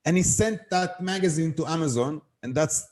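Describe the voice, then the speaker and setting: A man's voice: fairly high pitch, moderate pace, darkish tone. A middle-aged man, a guest on an interview show, telling a business story and acting out the dialogue as he goes. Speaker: guest, wholesale seller.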